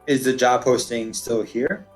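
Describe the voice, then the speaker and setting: A man's voice: medium pitch, steady tone, measured pace, soft background music, natural voice. A man voicing a stern, businesslike retired woman cop in a tabletop game. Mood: firm. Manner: firm, businesslike.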